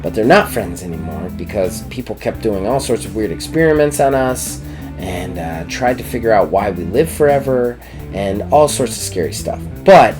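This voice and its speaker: A man softly voicing a gentle fox plush creature. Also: lowish voice, moderate pace, over music, natural voice. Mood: calm explaining. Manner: soft, calm, storytelling.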